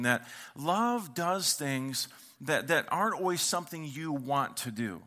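A man preaching a sermon in an easy, joking way, with a bright, forceful voice set a little high. He tells stories and acts out both sides of a conversation as he goes. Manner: humorous storytelling, acts out dialogue. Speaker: pastor.

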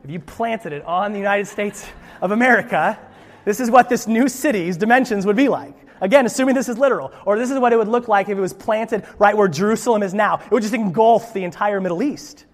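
A pastor delivers a sermon with a bright, high-pitched voice, moving from scripture reading into loose, playful asides. His voice carries a long reverb, as if from a large church hall. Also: a little fast. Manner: lively, conversational preaching with playful asides.

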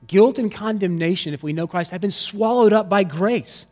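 High-voiced preacher man in a reverberant hall. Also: moderate pace. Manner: dynamic preaching, swings between loud emphasis and hushed lows. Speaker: pastor. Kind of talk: sermon.

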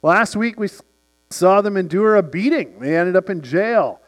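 A man in his forties, a pastor, preaching a sermon and telling lively stories with acted-out voices. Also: high-pitched, moderate pace. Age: 40s. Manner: storytelling, acts out characters in the anecdote.

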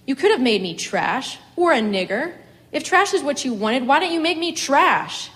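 Woman putting on a raging farm wife, high and loud, fierce and indignant, roomy reverb. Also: very animated, moderate pace. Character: furious middle-aged farm woman railing at heaven.

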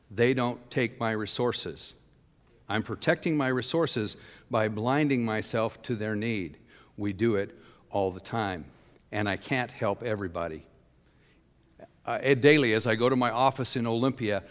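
A man preaching as pastor at a medium pitch, telling a personal story in a plain, conversational way with frank asides. His voice rings out with the long reverb of a church hall. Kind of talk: sermon.

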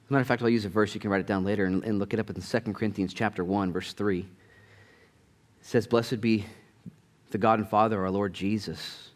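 A middle-aged male pastor preaching a sermon, telling stories in a conversational way and talking straight to the congregation, with sudden jumps in pitch and loudness. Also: quick pace. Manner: animated storytelling with sudden rises in pitch and volume; conversational, addresses the congregation directly.

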